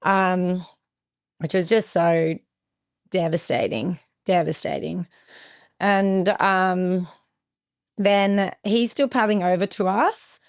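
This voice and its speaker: A young woman appears as a podcast guest, telling an emotional story of a personal ordeal with vivid retelling and acted-out quotes. Her voice is fairly low, clear and resonant, and she speaks slowly with frequent pauses.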